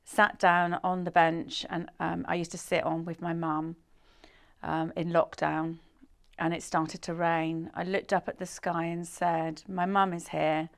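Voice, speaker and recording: A woman's voice: fairly low pitch, flat delivery, a little slow, gravelly. A woman co-hosting a talk show, telling stories in a casual chatty way and often breaking into laughter. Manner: giggly storyteller, laughs mid-story. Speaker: co-host. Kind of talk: casual chat.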